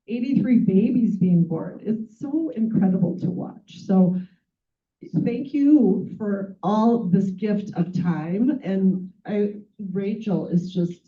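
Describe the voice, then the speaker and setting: Halting, gushing woman heard from far off. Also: medium pitch. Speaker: departing nonprofit chapter staff member. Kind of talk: farewell speech at an event. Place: event room with audience. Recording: distant tinny phone-like recording.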